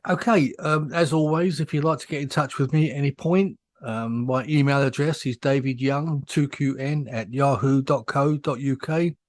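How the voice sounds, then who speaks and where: A man hosting a radio show, relaxed and rambling in a casual chat. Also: medium pitch, no echo. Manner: relaxed, rambling, laughs easily. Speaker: radio host.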